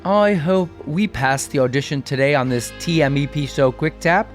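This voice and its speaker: A man's voice: a little high, moderate pace, soft background music. Man giving a joking podcast outro. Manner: light, joking sign-off. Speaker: podcast host. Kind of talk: show outro.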